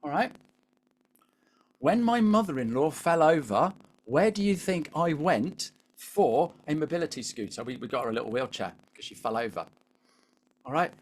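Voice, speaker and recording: A man's voice: on the high side, lively intonation, normal speed. Chatty British man coaching a webinar. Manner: chatty, keeps asking the audience "all right?". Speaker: LinkedIn coach. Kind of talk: live webinar coaching talk.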